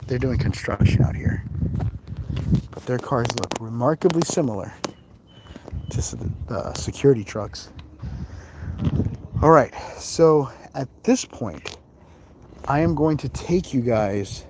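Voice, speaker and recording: A man's medium-pitched voice comes through with some background noise as he hosts a live ghost-hunting stream outside in a cemetery. His chat is loose and rambling, full of laughs and asides while he explores.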